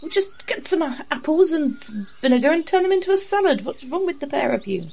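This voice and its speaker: A playful woman flirting and teasing through an improvised comedy scene. Her voice sits fairly high and moves around a lot. Background noise is clearly audible behind her. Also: sing-song, brisk, darkish tone.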